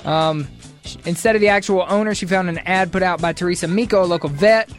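A co-host reading offbeat news stories at a middling pitch and breaking in with joking asides. The delivery mixes scripted reading with playful banter, and soft music plays behind the voice. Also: fast talker.

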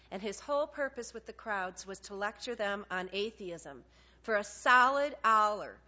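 A woman preaching a sermon, animated and conversational, acting out little dialogues with God. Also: a little high. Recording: dull lo-fi sound.

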